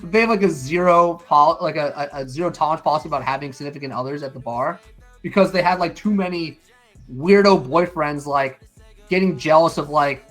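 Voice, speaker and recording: Man, middle-aged, slightly high voice, animated storyteller, swears a lot, music playing behind. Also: fairly quick. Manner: animated storyteller, acts out quotes, swears freely. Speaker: stream co-host. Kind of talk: casual chat.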